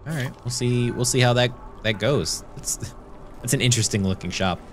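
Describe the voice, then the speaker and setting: A man's voice: medium pitch, moderate pace, slight background noise. A man streaming a video game, chatting playfully and reading the game's lines aloud. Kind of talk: let's play commentary. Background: game music.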